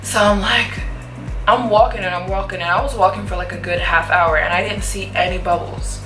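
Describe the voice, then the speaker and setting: A young woman vlogger telling a story in a lively way, full of fillers. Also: mid-range voice, fairly quick. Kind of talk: storytime narration. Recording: roomy echo with faint music.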